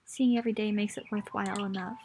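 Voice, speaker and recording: A woman's voice: mid-range voice, steady tone, quick pace, background noise, close to an everyday voice. A woman reading an earnest teenage boy. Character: caring teenage boy, earnest best friend. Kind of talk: reading game dialogue aloud.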